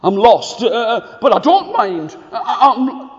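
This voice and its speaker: A man voicing a tall, mean boy who speaks in a gruff, grumbling drawl. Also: extremely high pitch, big pitch swings, takes it slowly, big-room sound, muffled recording, pitched above the performer's own voice, full character voice. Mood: sheepish.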